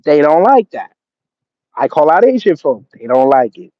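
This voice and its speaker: A man's voice: a little high, very animated, normal speed, dry recording. A man of Jamaican background hosting a livestream, reading out chat comments and answering them with sarcasm and laughter. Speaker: livestream host. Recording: dull lo-fi stream audio.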